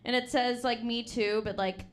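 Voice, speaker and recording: A woman's voice: fairly high pitch, fairly even intonation, moderate pace. A young woman doing a stand-up set at an open mic, rambling and self-deprecating, often laughing at her own jokes. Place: comedy club stage with a live audience.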